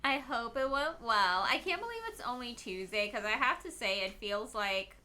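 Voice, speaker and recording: A woman's voice: fairly high pitch, lively intonation, normal speed, sharp tone. A young woman chatting casually to viewers on a live stream, tired and rambling, with bursts of bubbly squealed greetings.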